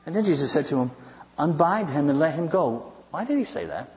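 A man's voice: on the high side, big pitch swings, brisk, darkish tone. A male pastor preaching a sermon, retelling scripture in a conversational, storytelling way with wry asides. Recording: dull sound with long hall reverb.

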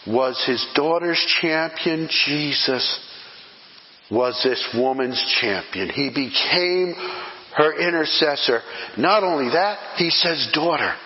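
A man preaching a sermon as pastor, swinging from loud emphatic peaks to hushed near-whispers. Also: mid-range voice. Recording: dull sound in a reverberant hall.

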